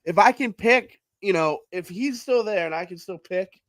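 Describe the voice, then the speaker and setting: Man, philadelphia accent, sarcastic sports podcast host, slightly high voice, dry sound. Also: normal speed, fairly bright tone, dry recording. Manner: blunt, sarcastic, profane. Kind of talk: casual sports chat.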